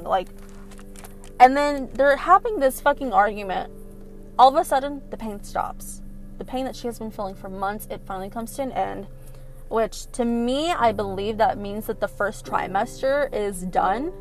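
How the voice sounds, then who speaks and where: A young woman casually retelling a film plot, animated and profane, with lots of fillers. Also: a little high, moderate pace, soft background music. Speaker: film recapper. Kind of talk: casual storytelling recap.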